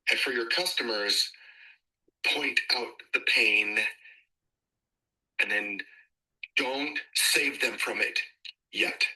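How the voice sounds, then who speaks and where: A man's voice: medium pitch, takes it slowly, pauses often, bright, forceful tone, poor audio. A man on an online group call giving blunt, punchy business coaching advice.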